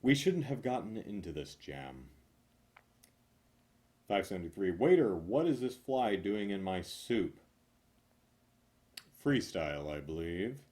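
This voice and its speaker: Man reading jokes with lively pitch. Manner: animated, punchy joke delivery with drawn-out punchlines. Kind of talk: reading jokes aloud from a book.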